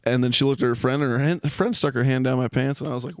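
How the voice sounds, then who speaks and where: A man's voice: medium pitch, fast, clean tone, dry recording, studio quality. A man on a podcast telling laid-back anecdotes and acting out the dialogue in them. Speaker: podcast co-host. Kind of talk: casual storytelling on a podcast.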